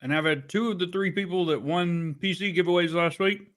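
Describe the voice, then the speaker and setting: A man's voice: high voice, steady tone, a little fast, a bit bright. A man hosting a podcast in joking, playful casual chat. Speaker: podcast host.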